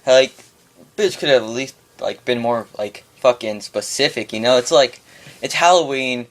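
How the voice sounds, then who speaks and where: A man's voice: medium pitch, normal speed. A young man co-hosting a casual homemade podcast, chiming in with loose, profane remarks. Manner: laid-back, profane, chiming in. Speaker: podcast co-host. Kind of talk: casual chat.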